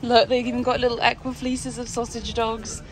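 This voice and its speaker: A woman's voice: fairly high pitch, little pitch movement, normal speed. A young woman chatting to camera in a casual vlog, bubbly, breaking into a sing-song voice for her dogs. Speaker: vlogger.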